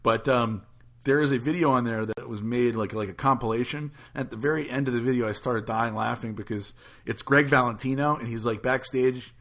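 A man hosts a podcast in a loose, casual chat. His voice has a bright, forward edge and a middle pitch. He swears freely as he talks. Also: a little fast. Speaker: podcast host.

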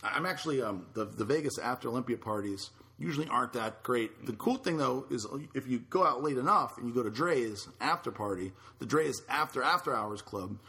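A man's voice: mid-range voice, lively intonation, fairly quick, vocal fry, bright, forceful tone. A man hosting a podcast in casual chat, talking in a loose, blunt way with casual swearing. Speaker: podcast host.

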